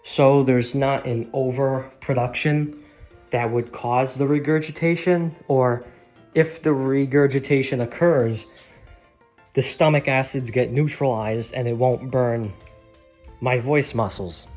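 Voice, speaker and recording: A man's voice: mid-range voice, fairly even intonation, a little slow, a little mellow. Man, strained voice, rambling vlog, swears, faint music in the background. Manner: candid, swears often, rambles. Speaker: channel creator.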